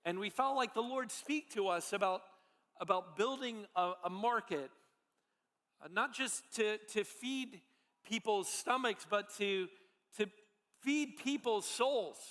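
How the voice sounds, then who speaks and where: A man preaching a sermon as a pastor, telling a story in an earnest, halting way with many restarts. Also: high voice, sharp tone, in a large hall. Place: large church hall.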